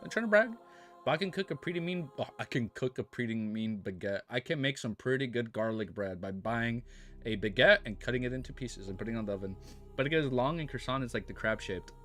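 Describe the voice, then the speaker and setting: Faint music sits behind an American man who talks fast and expressively to his live-stream audience. His mid-range voice is a bit bright, and he jokes around, laughs often, and peppers in mock-French phrases.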